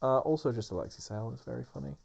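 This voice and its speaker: A man's voice: medium pitch, rapid-fire, vocal fry, darkish tone, dull audio, soft background music. A man rambling casually over gameplay as a let's play host, with lots of fillers and restarts. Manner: rambling, filler-heavy chatter.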